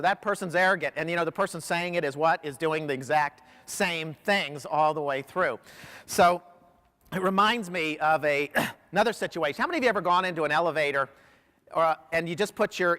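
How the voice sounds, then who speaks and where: A man's voice: sits high, a bit bright. A man giving a motivational keynote to a large audience, telling stories with animation and quizzing the crowd. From United States. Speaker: professional speaker. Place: large hall. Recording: long hall reverb.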